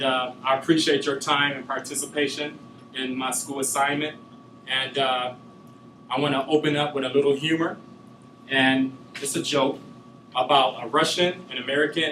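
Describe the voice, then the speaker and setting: A man's voice: medium pitch, bright, forceful tone, roomy sound, far from the mic, slight background noise, low-quality recording. A man giving a class presentation, talking loosely with many filler sounds. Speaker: student giving a class speech.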